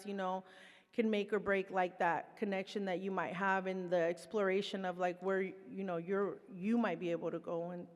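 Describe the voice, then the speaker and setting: A woman of middle pitch speaks on a panel about her own recovery. Her talk is heartfelt, loose and unscripted, full of fillers. Her voice carries a long reverb like a large hall. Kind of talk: conversational presentation.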